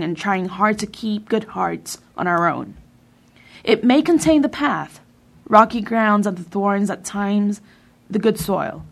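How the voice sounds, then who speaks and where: A woman reading a translated sermon in a measured way, with emphatic pauses. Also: mid-range voice, vocal fry. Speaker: sermon reader.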